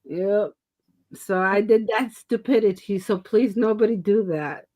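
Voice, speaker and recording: Speaking at a measured pace with medium pitch, a middle-aged woman co-hosts an easygoing talk stream over a rough recording. An animated storyteller with asthma and COPD, she laughs frequently and acts out what people said.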